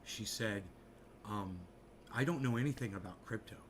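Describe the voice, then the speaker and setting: A man chatting casually with his audience, telling stories in an animated way with a lot of swearing and joking asides. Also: lowish voice, moderate pace, a little hiss or hum. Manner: animated storytelling, frequent swearing, jokey mock-advert asides. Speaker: streamer. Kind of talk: casual rambling chat.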